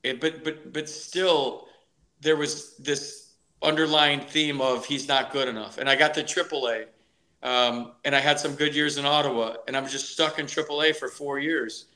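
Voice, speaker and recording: A middle-aged man spins stories from his playing days with animated energy. His voice has a bright, forward edge. He often stumbles over his first words before the point lands. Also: medium pitch, moderate pace. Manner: energetic, animated storytelling with repeated restarts. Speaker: guest, former ballplayer and broadcaster. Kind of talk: storytelling in a podcast interview.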